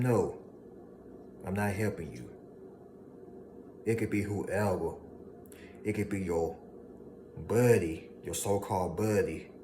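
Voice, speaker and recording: Preachy deep-voiced man with steady noise. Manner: preachy, emphatic, repeats lines for effect, mocking voices of haters. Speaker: motivational speaker. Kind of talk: motivational monologue to viewers.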